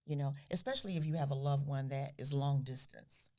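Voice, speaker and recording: A middle-aged woman who founded a grief foundation, speaking earnestly as a podcast guest, with soft, breathy trailing phrases. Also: very deep voice, fairly quick. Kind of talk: podcast interview.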